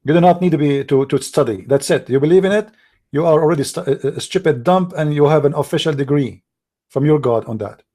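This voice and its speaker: Guy hosting a call-in show, lecturing all scornful, non-native english, kinda high but mellow dark voice. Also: brisk. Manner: scornful, lecturing, repeats himself. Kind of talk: heated monologue.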